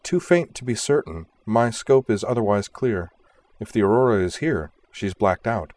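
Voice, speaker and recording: A man voicing a calm, precise male pilot who reports contacts in a measured, matter-of-fact way. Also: on the low side, pitched above the performer's own voice, natural voice.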